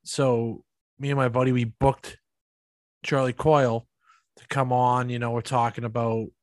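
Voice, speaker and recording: A man co-hosting a podcast chats casually and rambles, leaning on lots of fillers. His voice sits at a middle pitch, with a dry, close sound. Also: little pitch movement, measured pace, dry recording. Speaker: podcast co-host. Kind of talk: casual chat.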